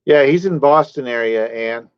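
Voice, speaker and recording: A man's voice: mid-range voice, moderate pace, clear, resonant tone, no room sound. Man, live streamer, rambling casual chat, dry close mic, dull lo-fi sound. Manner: rambling, talks to chat viewers by name.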